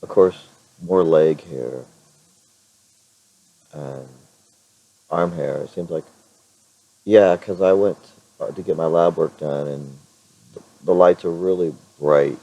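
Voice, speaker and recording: A middle-aged man chatting in a casual vlog with a hoarse, raspy voice, rambling with many fillers and restarts. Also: extremely low pitch, slow, long pauses, dark tone, no room sound, lo-fi sound. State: clears throat now and then. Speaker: vlogger.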